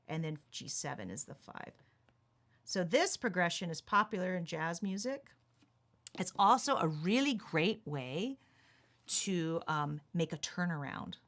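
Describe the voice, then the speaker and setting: A woman whose voice is low yet fairly bright gives a livestreamed ukulele lesson. Strumming as she names each chord, she patiently guides viewers through them one step at a time, the instrument audible beneath her speech.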